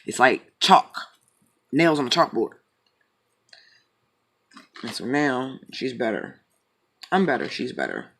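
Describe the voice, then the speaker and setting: A man's voice: medium pitch, sing-song, takes it slowly, vocal fry, pauses often, a bit bright. A man rambling casually in a joking, profane manner as he chats and reads tarot cards. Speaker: tarot reader. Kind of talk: casual chat and tarot reading.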